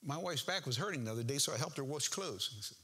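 A man's voice: mid-range voice, lively intonation, fast talker, bright, forceful tone, slightly rough. An older man preaching a sermon as pastor, reading scripture aloud and breaking off into homespun, joking asides about his family.

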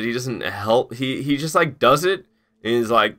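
A man's voice: mid-range voice, measured pace, fairly bright tone. A man chatting casually on a live stream while playing a game, rambling, laughing at himself and swearing freely. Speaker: gaming streamer. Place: his garage.

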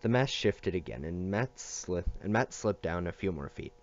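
Low-voiced guy reading a book aloud, steady, muffled lo-fi sound. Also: moderate pace. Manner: steady reading with occasional slips and restarts. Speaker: reader.

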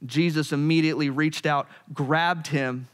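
Animated preaching man, raised pitch. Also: unhurried. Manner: animated preaching, shifts pitch for quoted voices. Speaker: pastor. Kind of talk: sermon.

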